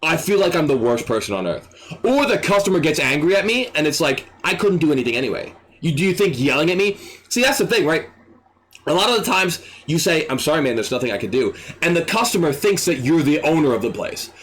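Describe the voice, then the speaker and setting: A man streaming, ranting in an exasperated, animated way and swearing freely. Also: fairly high pitch, fairly quick. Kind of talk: ranting commentary.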